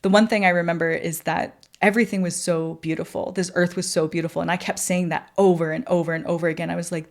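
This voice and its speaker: Woman host, lowish voice, candid storytelling, laughs and swears freely. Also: flat delivery, fast, vocal fry, hardly any pauses. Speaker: podcast host. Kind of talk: personal storytelling.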